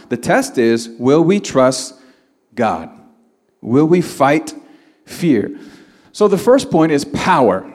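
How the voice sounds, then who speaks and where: Preaching man in a reverberant hall. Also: on the high side. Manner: preaching with rising emphasis, drawn-out stressed words. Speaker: pastor. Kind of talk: sermon.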